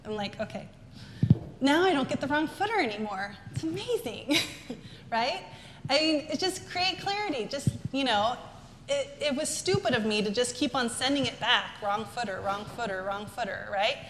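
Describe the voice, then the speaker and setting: Woman speaker, fairly high voice, emphatic and animated, live talk, roomy hall sound with faint ambience. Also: normal speed, background noise. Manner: animated and emphatic, with quoted asides. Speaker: business speaker.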